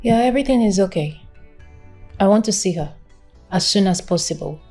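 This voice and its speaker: A woman's voice: medium pitch, lively intonation, mellow, soft background music. A woman playing a firm, insistent visitor in a film drama. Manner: insistent, brisk. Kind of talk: Nollywood film acting.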